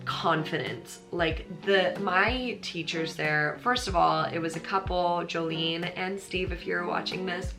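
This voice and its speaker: A woman's voice: on the low side, unhurried, vocal fry, few pauses, over music. A young American woman, a yoga teacher, telling her personal story in a chatty, earnest, emotional vlog, full of "like". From United States.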